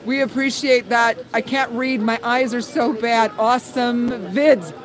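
A woman hosting a live walkthrough outdoors on a suburban street, excitedly exclaiming and talking to her viewers as she walks. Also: a little high, unhurried. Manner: excited, exclaiming, talks to viewers as "guys" and "dudes". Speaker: livestream host. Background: faint crowd of trick-or-treaters.

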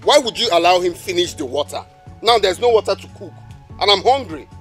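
A Nigerian actor playing a hungry young man who complains loudly and argues, with music clearly under the film audio. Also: sits high, expressive, heavily acted. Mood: complaining. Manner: loud, complaining, quick to argue. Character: hungry, quarrelsome young man, easily annoyed. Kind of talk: Nollywood film acting.

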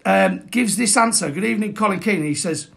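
Man, high voice, gravelly, jokey live history chat. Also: a little fast, fairly bright tone. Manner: jokey, chatty, greets viewers by name. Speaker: host. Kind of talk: casual live-streamed history talk.

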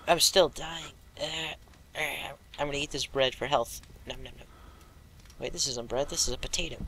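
A man's voice: fairly high pitch, normal speed, pushed and bright, slight background noise, rough recording. A young man casually commentating a horror game, joking and muttering asides to himself. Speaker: gameplay commentator.

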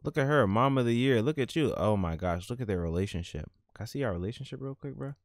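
A man hosting a casual let's-play of a life-sim game, talking in animated slang and laughing at his own jokes. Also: mid-range voice, fast, no room sound, clean studio sound. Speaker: gaming channel host.

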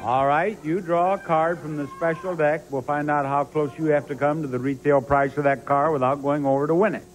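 A man's voice: on the high side, steady tone, a little fast, few pauses, faint music behind. A man hosting a television game show, drawing out numbers and addressing the studio audience emphatically.

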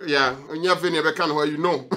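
A young Ghanaian man hosting a news reaction vlog, lively and jokey, switching between languages as he talks. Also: a little high, quick pace. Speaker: vlog host.

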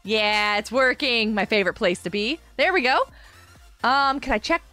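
Chatty lady streamer, high bright voice, greets chat by name, quiet music behind. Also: lively intonation, normal speed. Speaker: game streamer. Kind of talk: casual live-stream chat. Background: faint background music.

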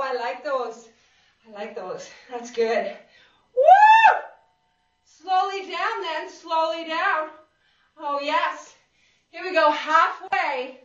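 A woman's voice: very high voice, bright, forceful tone. A woman fitness instructor leading a workout class, counting reps, giving cues and whooping to encourage. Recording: roomy, distant and dull.

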